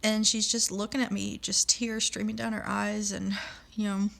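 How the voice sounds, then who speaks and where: A woman's voice: medium pitch, little pitch movement, normal speed, gravelly, a bit bright. Woman telling an emotional personal story. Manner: emotional, acting out quoted voices.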